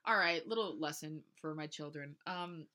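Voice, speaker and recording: A young woman with a low-pitched, pushed, bright voice co-hosts a podcast at a moderate pace. In casual chat she jokes about her old fan fiction, laughs at herself, and explains things in a lecturing tone, like a mock lesson.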